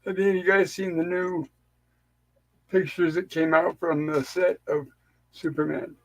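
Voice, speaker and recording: A high-pitched man hosting a casual live stream, his voice sounding a little weak. He talks in an easygoing, jokey way with his co-hosts. The sound is dry and close. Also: flat delivery, normal speed, no echo, low-quality recording. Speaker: livestream host. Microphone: remote call on a streaming panel.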